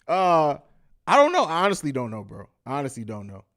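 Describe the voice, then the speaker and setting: High-voiced casual man hosting a stream. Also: huge pitch swings, a little fast, fairly bright tone. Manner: loose and profane, laughs often, reads viewer chat aloud. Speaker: podcast host. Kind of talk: casual live-stream chat.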